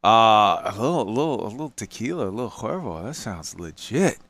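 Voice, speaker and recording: A man's voice: lowish voice, sing-song, a little fast, fairly bright tone, dry recording. A man hosting a casual podcast, loose and joking as he introduces his guests over drinks. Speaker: podcast host. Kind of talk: casual chat.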